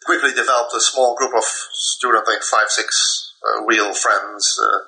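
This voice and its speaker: An older man from the Netherlands talks through his memories as an interview guest. His voice is very bright and a little low, and he speaks haltingly, full of fillers and false starts. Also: fairly even intonation, vocal fry, rough recording. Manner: halting, many fillers and restarts. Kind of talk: recounting memories in conversation.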